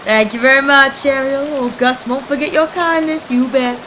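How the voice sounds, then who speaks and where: A woman's voice: sits high, steady tone, moderate pace, sharp tone, slight background noise, voice pushed up, poor audio. Woman doing a laid-back old hobo man. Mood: easygoing. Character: easygoing old male hobo.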